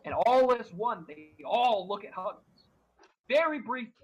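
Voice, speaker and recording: Husky high-ish guy gm'ing a tabletop game, lots of uhs and restarts. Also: animated, rough recording. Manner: halting, full of fillers and restarts. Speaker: game master.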